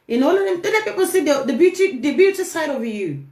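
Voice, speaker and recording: A woman's voice: high-pitched, fairly quick, darkish tone. A woman hosting a relationship talk, speaking earnestly and emphatically, often repeating her key phrases. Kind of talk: earnest motivational talk to camera. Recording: roomy echo.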